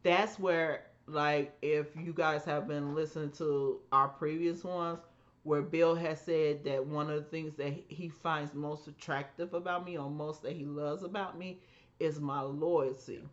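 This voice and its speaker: Animated woman telling family stories. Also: low-pitched, unhurried, dull audio. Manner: animated, emphatic, acts out quoted voices. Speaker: podcast co-host. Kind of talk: casual storytelling chat.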